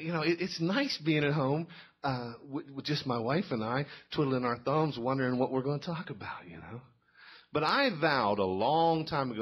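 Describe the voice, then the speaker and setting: A man's voice: mid-range voice, breathy edge, muffled recording. A middle-aged man telling folksy stand-up stories and quizzing a live audience in a small cafe. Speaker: comedian.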